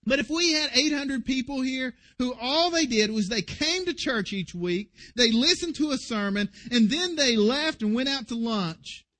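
A man's voice: very high-pitched, lively intonation, normal speed, hardly any pauses, sharp tone. A man preaching a sermon as pastor, earnest and emphatic.

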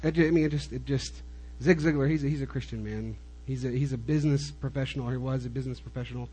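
A man casually introducing a video, halting and restarting his sentences. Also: medium pitch, fairly even intonation, dark tone, a little hiss or hum, low-quality recording.

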